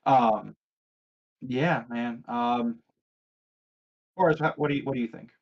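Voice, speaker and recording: A man's voice: mid-range voice, slow, muffled recording. Chatty male podcast host reading news. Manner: chatty, sarcastic, leads the discussion. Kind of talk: casual podcast chat, reading news aloud.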